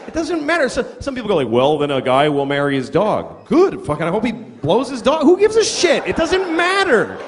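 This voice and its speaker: A man performing a profane, ranting stand-up comedy routine on stage. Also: extremely high pitch. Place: live comedy venue. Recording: echoey live club with audience noise.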